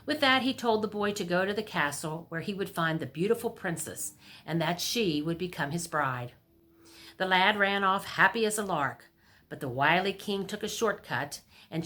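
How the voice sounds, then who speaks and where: A woman reading a storybook aloud for a library storytime, lively and expressive. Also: on the low side, moderate pace.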